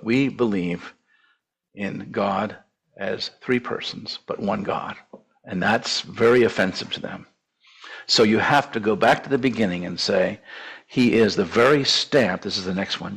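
A man's voice: lowish voice, creaky, fairly bright tone, breathy edge, low-quality recording. An older man in his seventies giving a conversational sermon-style teaching, with asides and restarts. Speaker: preacher.

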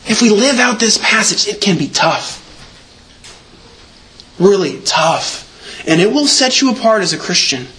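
A man's voice: sits high, lively intonation, a little slow, pauses often, a bit bright, a little hiss or hum. A man preaching a sermon as pastor, earnest and emphatic, leaning on repeated words.

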